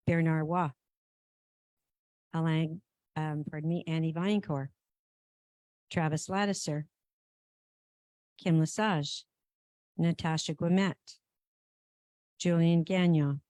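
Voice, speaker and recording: A woman chairing a formal council meeting in a meeting room, speaking in a measured way with frequent ums and restarts. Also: sits low, a little mellow, no room sound.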